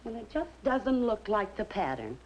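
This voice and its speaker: An actress playing a gentle, chatty middle-aged mother in a 1950s TV sitcom. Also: mid-range voice, very animated, normal speed, slight background noise, lightly acted.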